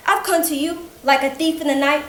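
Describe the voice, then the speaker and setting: A woman delivering a spoken-word piece in a rhythmic, declamatory way. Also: sits high. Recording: echoey room, faint noise.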